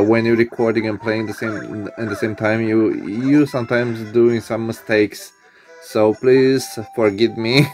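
A man with a gravelly edge hosts his channel. He talks through gameplay in a loose, rambling way, with many fillers and frequent laughs. Soft game music runs underneath. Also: fairly low pitch. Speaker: channel host. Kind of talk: casual gameplay commentary.

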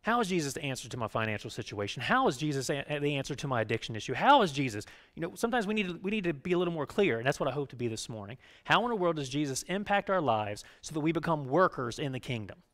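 A man preaching a sermon as pastor, talking conversationally and often checking in with "right?", moving between loud urging and quiet. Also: on the high side, big pitch swings, fast talker, hardly any pauses. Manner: conversational, keeps asking "right?".

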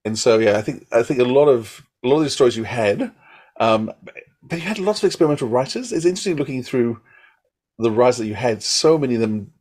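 A man co-hosting a podcast who shares considered opinions in a relaxed way. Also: medium pitch, quick pace. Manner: reflective, opinionated. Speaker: podcast co-host. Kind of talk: casual chat.

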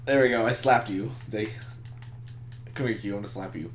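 A man's voice: on the low side, moderate pace, roomy sound, slight background noise. A man chatting casually while playing a game with friends, laughing often and ranting about movies. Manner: giggly, ranting, animated. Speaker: let's play gamer. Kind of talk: casual gaming chat.

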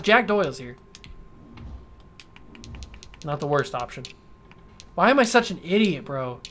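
A man's voice: on the high side, lively intonation, a little slow, pauses often, fairly bright tone, slight background noise. Frustrated young man commenting on gameplay. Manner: frustrated, self-scolding, talks to himself. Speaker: gaming channel host.

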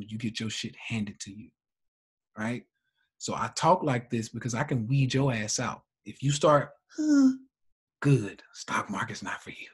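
A man's voice: mid-range voice, breathy edge. A man running a live trading class, blunt and profane, laughing often between points.

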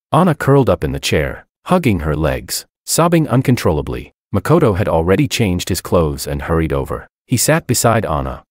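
A man giving expressive, scripted first-person story narration into a close studio mic. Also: low voice, dry recording.

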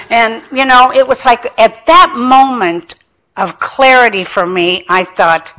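A woman's voice: a little high, unhurried. A woman speaking at a lecture, telling her own recovery story with self-mocking humor and acting out the people in it. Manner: animated storytelling, acting out quoted dialogue. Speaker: addiction specialist speaker.

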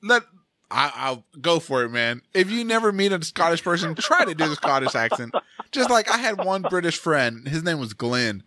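A young man riffing on a podcast, his voice bright and lively as it jumps up and down. He laughs between lines and keeps saying "dude". The sound is close and dry. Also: on the high side, moderate pace, no room sound. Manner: laughing often, joking, says "dude" a lot. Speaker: podcast co-host. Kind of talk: casual banter. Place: Texas.

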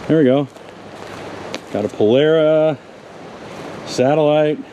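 Man, slow and mellow, chatty salvage-yard tour host outdoors, faint background noise. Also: fairly high pitch, lo-fi sound. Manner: chatty, talks to viewers and cars. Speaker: car magazine presenter. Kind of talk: casual walkaround commentary.

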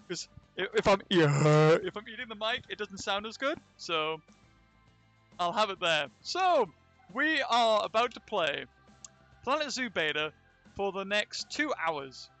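A man's voice: high voice, pushed and bright. A young man streaming a game from a convention, rambling and joking with viewers. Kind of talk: casual live-stream chat. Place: convention venue.

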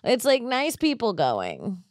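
Woman podcast host in her thirties, ranting and swearing, lively pitch, dry close sound. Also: slow pace, no echo. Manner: emphatic, ranting, swears freely. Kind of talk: casual chat.

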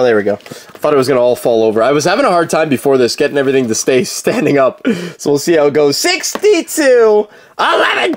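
A man hosting a live card-break stream, chatting casually with viewers, with lots of fillers, and calling out cards as he opens packs. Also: fairly high pitch. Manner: chatty, filler-heavy, calls out cards while talking to viewers.

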